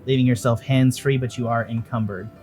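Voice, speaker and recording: A man's voice: mid-range voice, steady tone, a little fast, darkish tone, soft background music. A man running a tabletop game as dungeon master, talking loosely with fillers and swearing.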